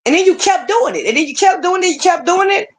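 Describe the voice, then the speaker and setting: A woman's voice: extremely high pitch, animated, fast. A woman hosting a livestream, ranting casually with heated, profane, repetitive talk. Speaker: livestream host.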